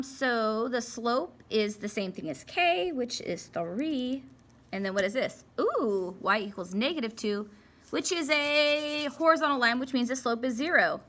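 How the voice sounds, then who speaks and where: A young woman math teacher leads a casual, chatty lesson, playfully talking to herself as she works through graphing problems. Her voice is high and animated, with a measured pace and a sharp tone.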